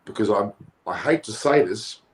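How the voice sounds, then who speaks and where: An Australian man with an Australian accent, a cricket pundit on a post-match panel, talking forcefully and indignantly and repeating words when heated. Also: lowish voice, expressive, normal speed, rough recording.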